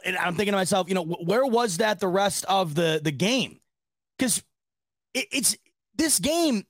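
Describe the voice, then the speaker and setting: A man's voice: on the high side, a bit bright, no echo, studio quality. A man hosting a sports reaction podcast, talking casually in a rambling, exasperated way with lots of restarts and laughter. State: laughing to tears.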